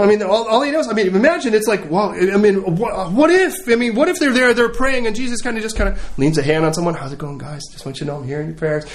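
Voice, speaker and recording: A man preaching a sermon. He tells stories with humor and acts out the scenes as he goes. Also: very high-pitched. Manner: animated, humorous storytelling, acting out scenes.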